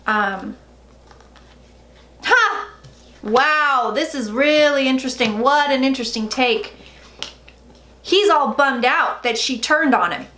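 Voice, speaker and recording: A woman's voice: high-pitched, slow, long pauses, bright, forceful tone. A woman in her forties giving a casual tarot reading, chatty and blunt, swearing freely. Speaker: psychic tarot reader. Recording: echoey room with faint noise.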